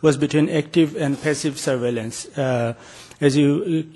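A man's voice: fairly high pitch, unhurried, mellow, slight background noise. A man presenting a research project in an academic talk, hesitant, with many filler sounds and restarts.

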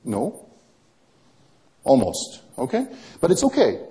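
Man, magician, playful teasing patter, lively pitch, mellow tone. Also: a little slow, long pauses, slight background noise. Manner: coaxing, asks many questions. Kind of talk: close-up magic with a volunteer.

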